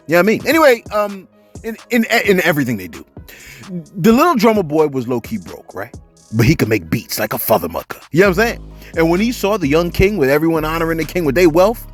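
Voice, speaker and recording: Guy riffing on celeb gossip, voice jumps all over, bit high for a man, faint music under it. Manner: animated, rambling, keeps saying "you know what I'm saying". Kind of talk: casual comedic commentary.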